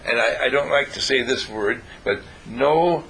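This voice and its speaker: Calm man with a bright voice. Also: medium pitch, unhurried, slight background noise, rough recording. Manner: calm, repetitive, gently instructive. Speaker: spiritual teacher. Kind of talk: guided affirmation talk.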